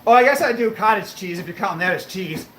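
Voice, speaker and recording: A man livestreaming while on a treadmill, chatting casually and answering viewer comments, a bit breathy as he talks between breaths. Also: high-pitched, expressive, quick pace, sharp tone, reverberant, slight background noise, poor audio. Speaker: fitness livestreamer.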